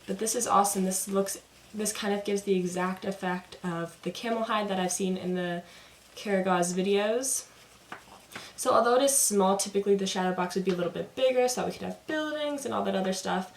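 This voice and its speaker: A woman's voice: mid-range voice, brisk, slight background noise. A young woman student chatting enthusiastically as she explains her project in a home basement. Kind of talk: casual explanatory video. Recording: echoey basement room.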